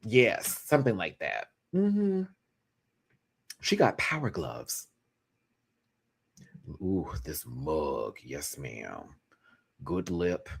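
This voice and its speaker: A man's voice: sits low, very animated, extremely slow, creaky, pauses often, husky. A man giving casual live-stream commentary, chatty and campy, greeting viewers in chat and laughing often.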